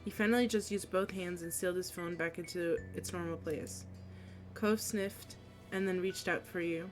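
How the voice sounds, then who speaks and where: A woman's voice: fairly low pitch, steady tone, normal speed, faint music behind. A young adult woman streamer reading a visual novel aloud, with casual, emotional asides.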